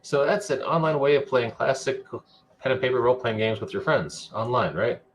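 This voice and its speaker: A man's voice: medium pitch, normal speed, slight background noise. A man hosting a podcast in casual chat, playful and jokey, reading out viewer comments. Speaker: podcast host.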